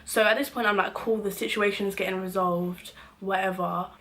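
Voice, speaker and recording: A young woman with a British accent, telling a storytime vlog in an animated, slangy way that acts out the quoted shouting. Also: mid-range voice, normal speed. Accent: British English. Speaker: vlogger.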